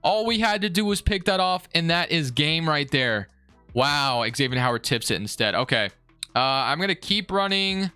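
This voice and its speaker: A young man giving live commentary on his own football video game, excitable and swinging between frustration and hype. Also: mid-range voice, clean tone, dry recording. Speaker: gaming YouTuber.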